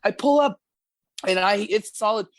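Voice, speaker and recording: A woman's voice: medium pitch, moderate pace, no room sound. A woman from Alberta, a gas service technician telling rambling work stories on a podcast, swearing freely. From Alberta, Canada. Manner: profane, blunt, rambling. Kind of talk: casual podcast storytelling.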